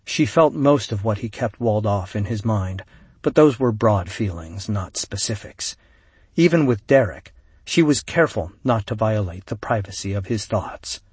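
A man reading an audiobook in a measured, solemn way, recorded close on a studio mic. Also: lowish voice, expressive, darkish tone, husky, no echo. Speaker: audiobook narrator. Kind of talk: scripted narration.

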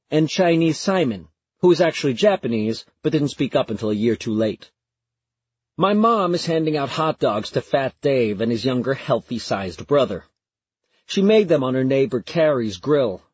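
A man narrates a first-person story in a conversational, storytelling manner, his husky voice rising and falling with lively intonation. The recording is close and dry, with a slightly dull, muffled tone. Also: medium pitch, no echo. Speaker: audiobook narrator.

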